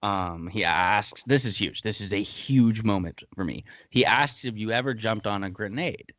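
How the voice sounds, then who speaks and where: A man's voice: on the low side, moderate pace, a bit bright, no room sound. A man hosting a casual podcast, breaking down a TV episode in a heated, blunt way and swearing freely. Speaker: podcast host.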